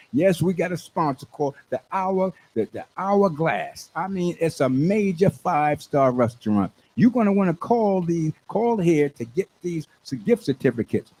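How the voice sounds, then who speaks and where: An older man, a radio station manager hosting his talk show, hyping an event with exuberant, preachy shouts. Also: on the high side. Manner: exuberant, preachy call-and-response, shouts when excited. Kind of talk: hyped radio promo talk.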